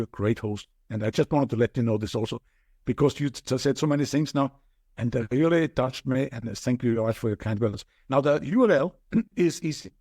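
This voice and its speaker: Mellow husky Austrian-accented man. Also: medium pitch, dry recording, studio quality. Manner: earnest, explanatory, restarts sentences. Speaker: podcast guest. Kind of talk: podcast interview chat.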